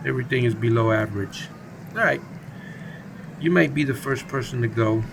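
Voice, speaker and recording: Male gaming host, gravelly voice, casual joking play-by-play for a baseball sim. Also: medium pitch, moderate pace, background noise. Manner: playful, jokey, chatty commentary.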